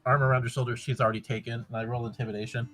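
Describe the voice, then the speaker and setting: A man's voice: mid-range voice, little pitch movement, rapid-fire. A man playing in a tabletop game, joking and stammering through restarts. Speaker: player. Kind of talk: casual tabletop play. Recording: loud background music.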